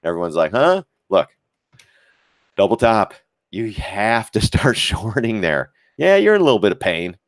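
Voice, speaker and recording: A man's voice: lowish voice, moderate pace, no echo, clean studio sound. A man giving blunt, profane live-stream commentary on stock charts and talking to viewers as guys. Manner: lively, mocks critics in put-on voices.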